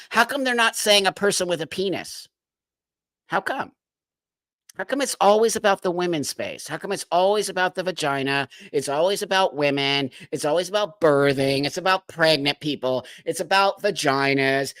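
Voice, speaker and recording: A man's voice: a little high, lively intonation, normal speed, a bit bright, no echo, clean studio sound. A man hosting a live stream, giving emphatic, indignant commentary with many rhetorical questions. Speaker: livestream host.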